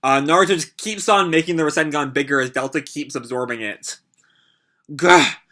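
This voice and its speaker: A man's voice: a little high, fairly quick, sharp tone. A young man casually reading and reacting to a comic live, rambling with lots of fillers. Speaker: anime reaction host.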